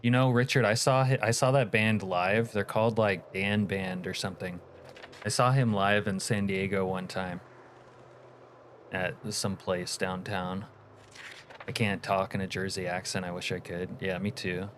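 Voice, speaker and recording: Low and steady, with a slightly bright edge, his voice takes its time as he plays a game on stream. The young American chats casually and meanders through replies to viewers, with faint background noise in the mix.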